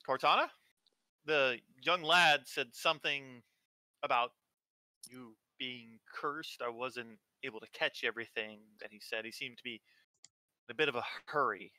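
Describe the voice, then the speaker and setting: Fields: a man playing a helpful high priest. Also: a little slow, bright, forceful tone, no echo. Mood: courteous.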